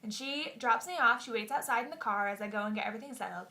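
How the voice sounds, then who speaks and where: Bright-voiced young woman vlogging. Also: a little high, fast talker. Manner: chatty and self-mocking. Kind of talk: casual vlog storytelling.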